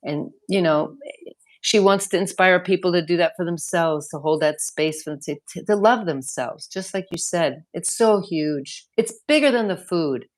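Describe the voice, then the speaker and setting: A woman's voice: fairly low pitch, moderate pace. A woman who directs a wellness center, talking earnestly in an interview, often repeating words as she rambles through a thought. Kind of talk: conversational interview.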